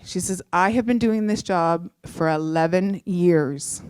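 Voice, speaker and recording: A middle-aged woman from Canada telling a personal story, heartfelt, moving between animated and hushed moments. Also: fairly low pitch, measured pace, hardly any pauses, clear, resonant tone, no room sound, studio quality.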